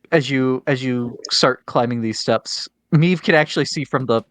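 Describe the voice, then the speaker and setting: A game master narrating a tabletop game with many pauses and fillers. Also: mid-range voice, dry recording. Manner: hesitant, filler-heavy narration.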